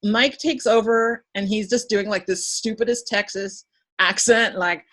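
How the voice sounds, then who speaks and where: Woman podcast host, casual and animated, mid-pitched, laughs a lot and acts out lines. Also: unhurried.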